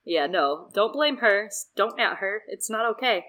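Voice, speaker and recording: A woman's voice: medium pitch, moderate pace, poor audio. A woman chatting casually on a podcast, retelling a book chapter, swearing freely and acting out the characters' lines. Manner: lively, profane, acts out characters' lines.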